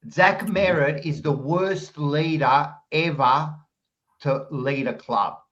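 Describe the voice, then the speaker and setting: A somewhat high-pitched Australian man tears into his co-host, blunt and swearing as he argues. The sound is dull and lo-fi. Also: slow, fairly bright tone. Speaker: podcast host. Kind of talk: heated footy banter.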